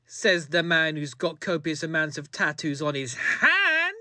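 A man's voice: a little high, sing-song, a little slow, hardly any pauses, sharp tone. A man delivers a sarcastic comedic commentary, mocking as he goes. His voice rises and falls a lot. The sound is close and dry, with no room echo.

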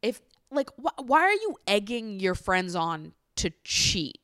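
A woman's voice: mid-range voice, slow, dry recording, clean studio sound. A young woman hosting a casual chat show, talking candidly and swearing freely. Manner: candid, animated, swears freely, mocks others in put-on voices. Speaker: podcast host.

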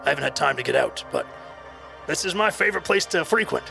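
A man putting on a rough, rigid army commander. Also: a little high, lively intonation, quick pace, pushed and bright, exaggerated voice. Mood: curt. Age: 40s. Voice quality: rough, clipped. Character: gruff middle-aged male military commander, rigid and steadfast. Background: background music.

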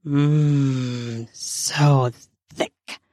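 A woman voicing an eager young man who murmurs in a low voice. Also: steady tone, drawn-out words, dark tone, no room sound, clean studio sound, full character voice. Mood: murmuring.

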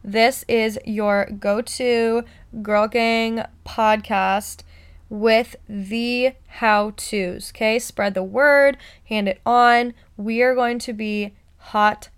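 A woman hosting her own motivational podcast, talking excitedly in an encouraging, pep-talk way. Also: fairly high pitch, clear, resonant tone. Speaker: podcast host.

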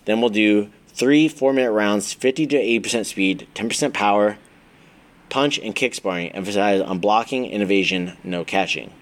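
A man, a Muay Thai coach, reading his own training book aloud in a steady instructional way, listing drills item by item with occasional stumbles. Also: lowish voice, normal speed.

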